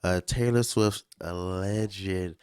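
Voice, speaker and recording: A man's voice: low voice, fairly even intonation, takes it slowly, darkish tone, smooth, dry recording, studio quality. A man hosting a casual podcast, joking and boasting in slangy talk. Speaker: host.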